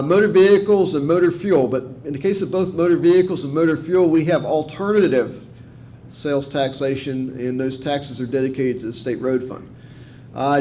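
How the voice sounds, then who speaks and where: Middle-aged virginia guy explaining tax stuff to a committee, bit high voice, lots of uhs. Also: a little mellow, a little hiss or hum. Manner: measured, explanatory, frequent fillers and restarts. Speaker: tax official testifying to a committee. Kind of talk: formal committee testimony.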